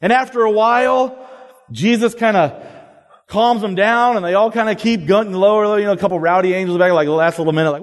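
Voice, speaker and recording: A man preaching a sermon to a crowd, telling the story in a lively, casual way with slang. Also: high-pitched, a little fast. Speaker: pastor. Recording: long hall reverb.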